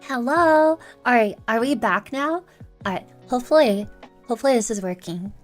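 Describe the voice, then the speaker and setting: A woman's voice: on the high side, lively intonation, normal speed. A young woman streaming as a VTuber, chatting casually with her viewers in a playful, rambling way. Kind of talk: casual livestream chat with viewers. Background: faint background music.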